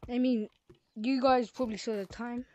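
A woman's voice: fairly high pitch, steady tone, normal speed, dark tone, highs cut off. Woman muttering casual gameplay commentary. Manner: casual, reactive, talking to herself. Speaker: gaming creator.

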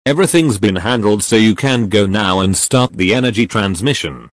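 A man voicing a cheerful, gentle young male hero who teases and giggles, in a fan audio drama reading. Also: lowish voice, expressive, moderate pace, no room sound, close to an everyday voice. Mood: playful. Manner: giggly, teasing, apologetic.

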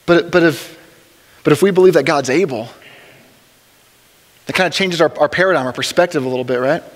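A man teaching a church Bible study in a relaxed, conversational way, with joking asides and frequent restarts. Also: on the high side, a little fast. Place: church hall. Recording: long reverb of a large hall.

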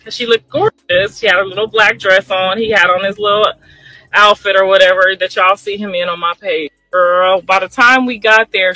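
A middle-aged woman casually telling a family story, chatty and animated, talking straight to her listeners. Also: medium pitch, dry recording, low-quality recording.

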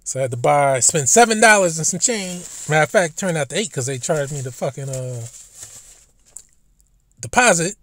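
A man's voice: fairly high pitch, lively intonation, normal speed, fairly bright tone, dry recording. A man telling stories in a casual, rambling monologue, blunt and profane, often stumbling over and repeating his words as a commentary host.

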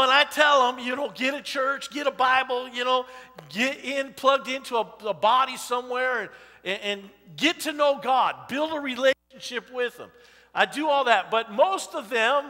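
A man's voice: very high voice, moderate pace, sharp tone. A man in his fifties preaching a conversational sermon in a church sanctuary, telling personal stories with frequent "you know" asides. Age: 50s. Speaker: pastor. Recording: long church hall reverb.

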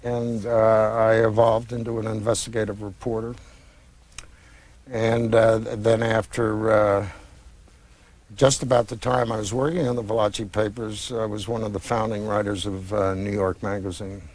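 A man in his sixties, an author, answering interview questions in a reflective, meandering way with frequent pauses and restarts. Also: fairly low pitch, little pitch movement, a little mellow. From United States. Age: 60s. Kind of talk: conversational interview.

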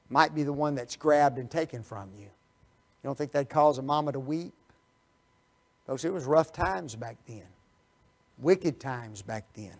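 A man preaching a Bible study sermon, firing rhetorical questions at his listeners and swinging from quiet asides to loud, emphatic bursts. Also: medium pitch, a little slow, pauses often. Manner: animated, rhetorical questions to the audience.

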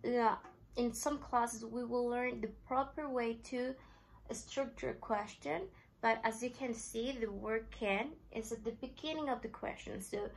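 Slow, careful woman teacher. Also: on the high side, vocal fry, low-quality recording. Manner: slow, repeats phrases carefully for learners. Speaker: English teacher. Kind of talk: classroom language lesson.

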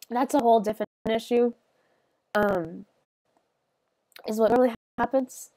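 Teary young woman streamer, soft and halting. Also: on the high side, no echo. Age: young adult. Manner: soft, halting and rambling, many fillers. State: tearful and sniffly. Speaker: livestreamer. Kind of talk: casual stream chat while gaming.

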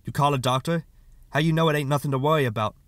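A man's voice: a little high, fast talker, no echo, voice pushed up, natural voice. A man voicing an angry, stern father, questioning harshly and scolding. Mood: accusing.

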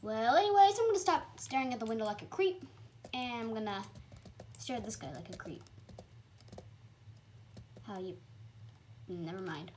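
Young female gamer, higher voice, bouncy delivery, faint keyboard clicks behind. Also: normal speed, pauses often, slight background noise. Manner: excitable, chatty, sudden high squeals. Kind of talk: casual gameplay commentary.

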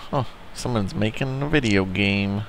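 A man giving casual, excitable commentary while playing a video game, reacting out loud and swearing often. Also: on the low side, moderate pace, a little hiss or hum. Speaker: let's play gamer.

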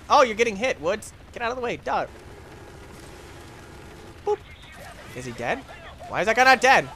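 A man hosting a let's play, commentating his own game with excitable jokes and yelps. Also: high voice, a little hiss or hum. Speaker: gaming channel host.

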